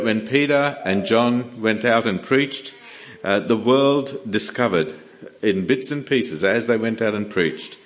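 A male preacher with a somewhat low voice delivers a sermon. He talks in an earnest, emphatic way and often trips over the start of a sentence before pressing on. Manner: earnest, emphatic, with frequent restarts.

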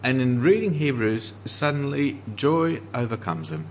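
An earnest man preaching a sermon as pastor, slowing down to stress the scripture he quotes. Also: medium pitch, very animated, slight background noise.

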